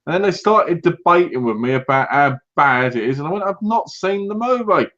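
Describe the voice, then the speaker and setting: A British man co-hosting a casual podcast, telling lively anecdotes and acting out what other people said. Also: fairly high pitch, normal speed. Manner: animated anecdotes, acts out other people's lines. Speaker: podcast co-host. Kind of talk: casual chat, storytelling. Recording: dull lo-fi recording.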